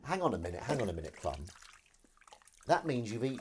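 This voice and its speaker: A man's voice: mid-range voice, sing-song, brisk, a little mellow, a little hiss or hum. A man hosting a casual live stream from his kitchen while washing up, chatty and self-deprecating as he reads out viewer comments. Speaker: livestream host.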